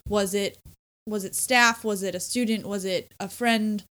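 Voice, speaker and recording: A woman's voice: medium pitch, fairly even intonation, unhurried, a bit bright. A young woman co-hosting a book podcast, talking casually and animatedly, often asking rhetorical questions. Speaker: podcast co-host.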